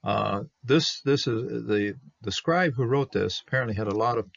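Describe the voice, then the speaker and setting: A man explaining a Hebrew Bible manuscript, halting with many fillers and restarts as he reads words slowly. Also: lowish voice, dry recording. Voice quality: gravelly and husky. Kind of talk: unscripted explanatory study talk. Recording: dull lo-fi dry recording.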